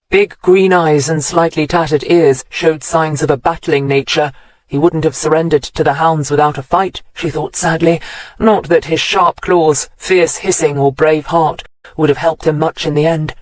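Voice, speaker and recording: An audiobook narrator reading a mystery novel in a measured, even storytelling manner. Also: mid-range voice, no room sound, low-quality recording. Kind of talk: scripted narration.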